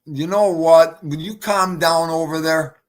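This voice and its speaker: Brash, profane New livestream host. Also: male voice, fairly high pitch, fairly even intonation, unhurried. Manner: brash, profane, greets chatters. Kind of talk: casual livestream chat.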